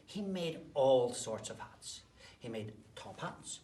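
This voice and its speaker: A man, a teacher, telling a story to children, swinging between whispered asides and sudden loud bursts. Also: medium pitch, very animated, unhurried. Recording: roomy, distant mic, faint background noise.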